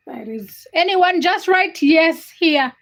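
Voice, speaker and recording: A young woman with a high, bright voice hosts a casual livestream. She chats with viewers by name, teasing them and giggling as she reads the comments. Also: animated, slow pace. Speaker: livestream host.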